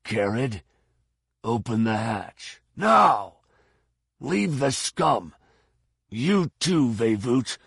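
A man reading an audiobook voices a grim male bounty hunter with a low, slow, menacing delivery. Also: steady tone, dry recording, studio quality. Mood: commanding.

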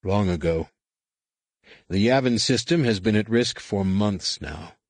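Weary Jedi master, read by a man, quiet, measured, low voice, dry close sound. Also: no room sound. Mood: grave.

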